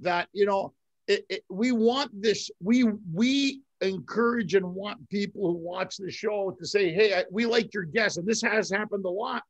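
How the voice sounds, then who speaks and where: A man hosting a podcast in casual chat, relaxed and rambling, often repeating words. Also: sits high, a little slow, lo-fi sound. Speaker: podcast host.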